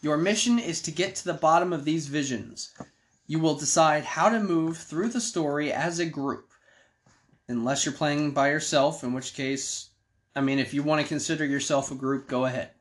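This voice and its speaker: A man with a high-leaning voice, speaking at normal speed, reads a choose-your-own-adventure card game aloud to friends, breaking off between passages for joking asides.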